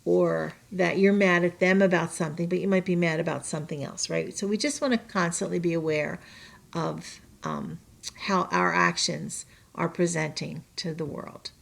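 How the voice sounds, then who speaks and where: Gravelly, low-voiced woman teacher. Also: fairly even intonation, moderate pace. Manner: chatty, checks in with tag questions; personal examples, restarts mid-sentence. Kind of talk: recorded online lesson for students.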